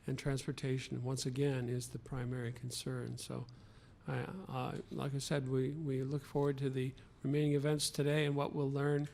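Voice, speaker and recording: Man from a local transit agency at a press podium, gravelly, even-toned, hesitant. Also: mid-range voice, slight background noise. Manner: halting, many fillers and restarts. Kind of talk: press conference remarks. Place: press club event room.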